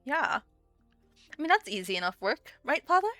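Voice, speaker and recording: A woman voicing an excitable young woman, a little sister who gushes and fires off quick questions. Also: high-pitched, soft background music, voice pushed up, full character voice. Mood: coaxing. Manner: gushing, rapid questions.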